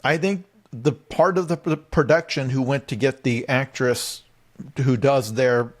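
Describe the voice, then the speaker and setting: A man's voice: mid-range voice, measured pace. A man co-hosting a comedy podcast, recapping a show in a rambling, exasperated way. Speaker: podcast co-host.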